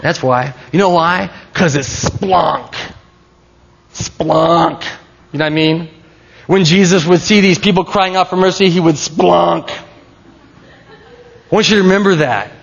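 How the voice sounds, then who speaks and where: A man's voice: high voice, moderate pace, pauses often, dull audio. A man preaching a sermon in a conversational, playful way, often stopping and restarting his sentences. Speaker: pastor.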